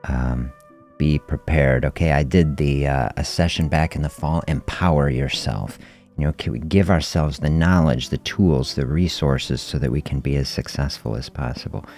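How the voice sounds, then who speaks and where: A middle-aged man with an exceptionally deep voice hosts a health podcast livestream and tells stories casually. He sounds relaxed and reflective and chuckles often. Soft music plays faintly underneath. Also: moderate pace. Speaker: host of a fasting health podcast.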